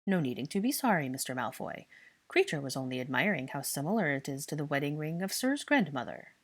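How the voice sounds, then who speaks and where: A woman voicing a fussy, servile old male house elf who croaks and talks in odd third-person grammar. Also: deep voice, big pitch swings, brisk.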